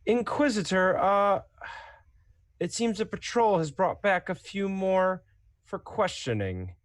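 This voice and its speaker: A man's voice: fairly low pitch, lively intonation, a little slow, dry recording. A man voicing a curt male imperial guard soldier in a tabletop game, speaking stiffly and formally. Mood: stiff formality.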